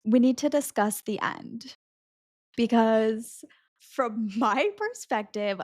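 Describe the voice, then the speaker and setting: A woman hosting a podcast, leading a casual book discussion in an animated, chatty way with many filler words. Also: a little high, slow, dry recording, studio quality. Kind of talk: casual chat.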